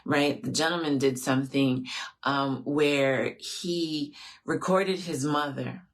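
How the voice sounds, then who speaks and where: Very low-voiced woman, earnest and grieving. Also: slow pace. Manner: earnest, reflective, speaks to viewers directly, often adds "right?". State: grieving, close to tears. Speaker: host of an affirmations show. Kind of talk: heartfelt off-the-cuff talk.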